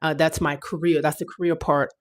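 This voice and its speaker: A woman chatting casually on a livestream, animated, with quick asides. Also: sits low. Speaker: livestream host. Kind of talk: casual live chat.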